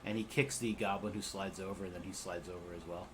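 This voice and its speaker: A man running a tabletop role-playing game as game master, narrating with animated, laughing delivery. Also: sits low, fast talker, background noise.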